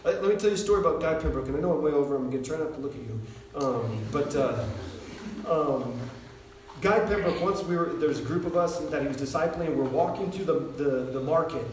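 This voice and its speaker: High-voiced American preacher in an echoey hall. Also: male voice, fast talker, far from the mic, a little hiss or hum. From United States. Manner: animated storyteller, shouts when acting out quotes. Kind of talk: sermon with personal story.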